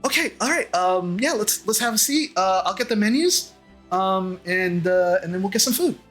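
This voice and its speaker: A man's voice: sits high, lively intonation, normal speed, a bit bright, faint music behind, voice pushed up. A man voicing a chatty, eager male tavern bartender who rambles and apologizes. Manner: rambling, apologetic, talks too much.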